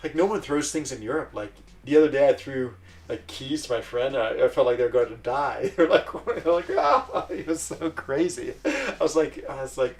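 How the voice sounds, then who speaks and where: A man's voice: mid-range voice, a little fast, darkish tone, far from the mic. Rambling, laugh-prone male streamer. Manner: rambling, chatty, laughs often. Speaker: livestream host. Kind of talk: casual livestream chat.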